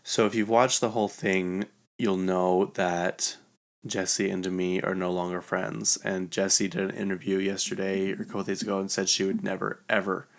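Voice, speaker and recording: Low gravelly man rambling in casual gossip. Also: little pitch movement, moderate pace. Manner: chatty, rambling, heavy use of "like" fillers. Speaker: podcast host. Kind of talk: casual gossip recap of a reality show.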